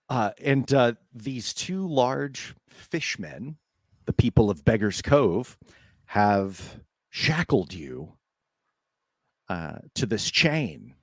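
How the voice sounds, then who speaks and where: A man narrating as game master of a tabletop game, laughing often and talking in an unhurried way with fillers. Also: fairly low pitch, no echo, clean studio sound.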